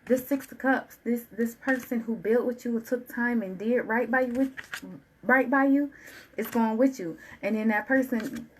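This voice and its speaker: A woman giving a channeled tarot reading, talking in an animated, colloquial way and repeating phrases in a preaching rhythm. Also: a little high, moderate pace, slight background noise, poor audio. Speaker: tarot reader.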